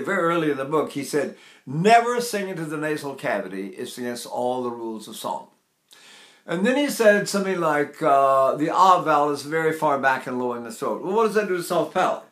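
Teaching singing technique, an older man talks in a rambling way, briskly and with lively intonation, and breaks into sung vowels as demonstrations. His voice is fairly bright and on the high side, and the room echoes.

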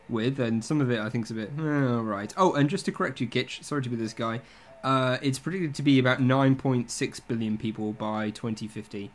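A man hosting a casual podcast chat, joking and teasing his guests. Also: mid-range voice. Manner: jokey, teasing. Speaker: podcast host.

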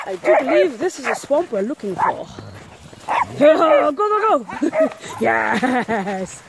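A woman's voice: sits high, huge pitch swings, takes it slowly, creaky, noisy background. A woman vlogging as she walks a pack of dogs outdoors, chatting, teasing and calling out to them with frequent laughs. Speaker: professional dog walker. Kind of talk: casual vlog narration while walking dogs. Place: outdoors in snowy muddy countryside.

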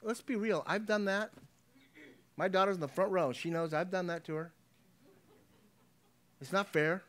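A man's voice: high voice, moderate pace, fairly bright tone. A middle-aged man preaching a sermon as pastor, talking conversationally, repeating his words and checking in with his listeners.

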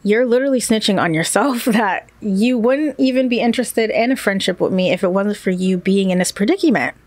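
A young woman in her twenties telling a storytime on her vlog, animated and laughing as she acts out the people she quotes. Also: medium pitch, fairly quick, no echo. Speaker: YouTube vlogger.

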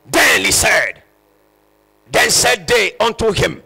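A male pastor preaches at full tilt. His voice sits high and swoops widely, with a gravelly, husky edge and a bright, forceful push. He shouts and repeats key phrases for emphasis. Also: sing-song, very slow. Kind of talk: sermon.

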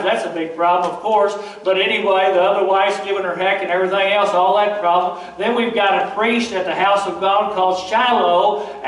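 Retelling scripture in a chatty, folksy style, a preacher delivers his sermon with a fairly high, rather bright voice. He's positioned away from the mic, so the sound rings around the echoing sanctuary.

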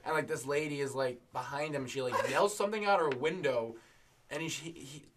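A man in a band telling a story haltingly, repeating words as he goes. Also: on the high side, fairly bright tone, distant mic, a little hiss or hum. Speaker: band member. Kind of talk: casual chat.

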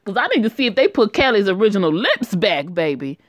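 A woman's voice: mid-range voice, big pitch swings, fairly quick, dry recording. A woman making playful, chatty asides between scenes of her own game drama. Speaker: machinima creator and narrator.

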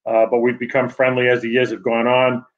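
Over a video call with lo-fi sound, a man with a New England accent accepts an award. His medium-pitched voice is monotone, and his speech halts with lots of fillers and restarts.

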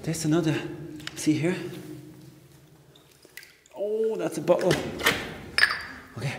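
Man, excited explorer commentary, slightly high voice, booming concrete echo, faint background hiss. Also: takes it slowly. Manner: excitable, exclaims and repeats himself. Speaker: history explorer vlogger. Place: underground bunker, indoors. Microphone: handheld camera mic. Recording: echoey bunker with long reverb, faint noise.

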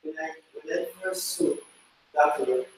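A man asking a teacher a question in class, halting and hesitant. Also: on the high side, slight background noise. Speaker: student. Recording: distant, echoey classroom voice.

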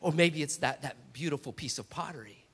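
A hopeful ancient wife, put on by a preacher, musing proudly in a bright, lifted voice. She daydreams aloud in a soft, wistful tone, and the long reverb of a big church hall trails behind every phrase. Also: fairly high pitch, a little fast, breathy edge, voice pushed down. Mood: dreamy.

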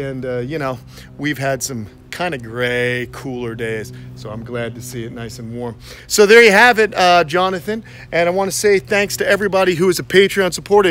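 A man's voice: a little high, fairly bright tone. A man with a New York accent, hosting and explaining animal care in a casual, upbeat way, full of fillers, from outdoors. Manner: chatty, upbeat, many fillers. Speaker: reptile keeper and channel host. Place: outdoors in a tortoise yard.

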